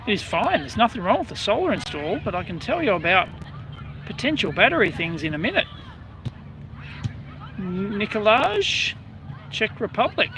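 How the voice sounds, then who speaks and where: A man's voice: high-pitched, very animated, moderate pace, long pauses, background noise. An Australian man hosting a casual outdoor live stream, chatting and greeting viewers by name in a rambling way. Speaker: livestream host.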